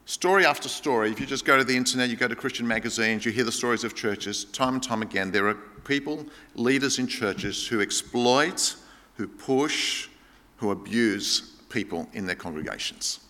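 A man, a pastor preaching a sermon with animated emphasis that rises high and drops low. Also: moderate pace. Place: church hall. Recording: long hall reverb.

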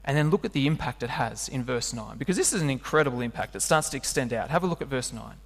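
A man preaching a sermon, animated and asking his listeners rhetorical questions. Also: medium pitch, fast. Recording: long hall reverb.

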